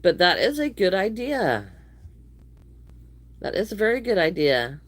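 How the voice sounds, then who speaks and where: Slow-talking wheezy woman livestreaming crochet. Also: mid-range voice, sing-song. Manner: chatty, greets viewers while crocheting. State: wheezy from allergies, coughing. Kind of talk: casual livestream chat.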